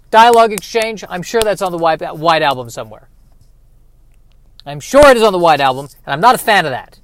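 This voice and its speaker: A man's voice: high-pitched, lively intonation, brisk. A man hosting a solo comedy podcast, rambling and sarcastic. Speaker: podcast host.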